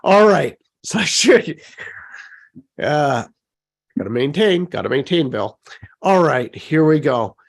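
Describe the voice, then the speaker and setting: Man, session facilitator, gravelly voice, unhurried pace, gentle coaxing prompts, reads chat comments. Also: fairly high pitch, animated. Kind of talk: guided live online session.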